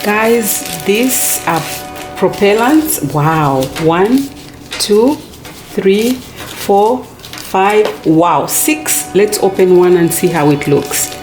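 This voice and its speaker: Excitable woman gushing over a gadget, slow-paced. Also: mid-range voice, echoey room, over music. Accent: American. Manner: excitable, gushing, repeatedly addressing viewers as guys. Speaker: unboxing vlogger. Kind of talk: casual unboxing vlog.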